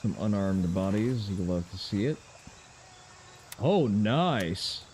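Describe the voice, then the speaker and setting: Man, game streamer, low voice, dark mellow tone, casual profane commentary. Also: lively intonation, takes it slowly, slight background noise. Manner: loose, profane, wry asides to chat.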